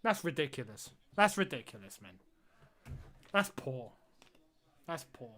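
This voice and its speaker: A man's voice: mid-range voice, big pitch swings, measured pace, sharp tone. A man streaming a football watch-along, reacting live to the match and repeating phrases as he groans and exclaims at the play.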